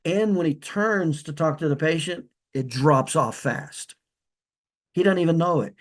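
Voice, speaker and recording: A man with a fairly high, slightly slow voice works as a practice consultant. Holding his lavalier as if it were a handheld mic, he offers casual spoken training, giving direct instructions and restarting frequently.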